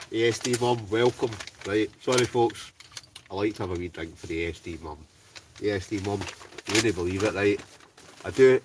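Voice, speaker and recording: A man's voice: low-pitched, distant mic, slight background noise. A Scottish man with an Ayrshire accent, chatty and joking as he hosts a live-stream quiz from inside a tent, talking straight to his viewers. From Scotland. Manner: jokey, chatty, laughs often, talks straight to viewers.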